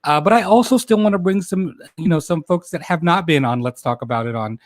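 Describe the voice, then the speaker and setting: A man in his forties with a fairly high, brisk voice hosts a casual livestream, chatting with viewers, laughing often and stumbling over his words. The studio-quality audio has no echo.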